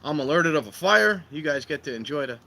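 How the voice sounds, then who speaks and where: A man's voice: fairly high pitch, expressive, a little fast, creaky, pushed and bright, a little hiss or hum, rough recording. Rambling man on an outdoor livestream. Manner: rambling, joking, talks to viewers. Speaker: livestream host. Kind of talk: casual livestream chat. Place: outdoors by a fire pit.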